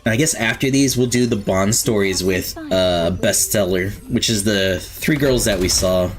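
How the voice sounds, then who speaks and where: A man's voice: fairly low pitch, measured pace, soft background music. A man streaming a game, chatting casually and thinking aloud as he plays.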